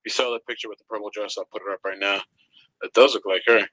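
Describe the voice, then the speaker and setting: A man's voice: on the low side, fairly even intonation, fast, crowd noise, rough recording. A man co-hosting a casual live stream, hesitant and hedging, often trailing off. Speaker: co-host.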